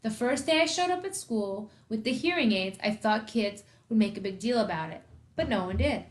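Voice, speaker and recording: A woman, a school principal, reading a children's novel aloud with expressive first-person storytelling. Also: fairly high pitch, normal speed.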